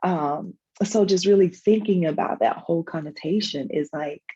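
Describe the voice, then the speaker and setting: A woman's voice: on the low side, moderate pace, dark tone, husky, highs cut off. A woman sharing a personal story in a panel conversation, emotional and reflective, with many fillers and restarts, over a video call. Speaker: guest, foundation founder.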